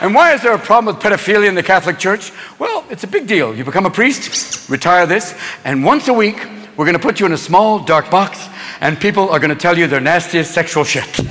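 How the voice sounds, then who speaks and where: High-voiced man doing stand-up. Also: lively intonation. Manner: rapid-fire, switching into many shouted silly voices. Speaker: stand-up comedian. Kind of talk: stand-up comedy set. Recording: live hall recording with crowd noise. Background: laughing audience.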